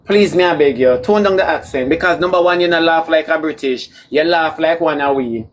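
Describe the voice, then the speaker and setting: A man with a Jamaican accent in a camp, sharp-tongued live chat, drawing out words slowly for comic effect. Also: on the high side. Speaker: livestream personality. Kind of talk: sassy comedic live chat.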